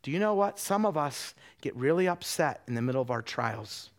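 A middle-aged man, an itinerant preacher, giving an animated sermon that swings from quiet and tender to loud, with many restarts of his words. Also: on the high side, brisk.

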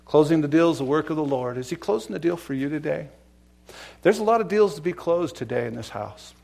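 A man preaching a sermon as pastor, emphatic and earnest, swinging between loud declarations and hushed pleading questions. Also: a little high, lively intonation, brisk, creaky.

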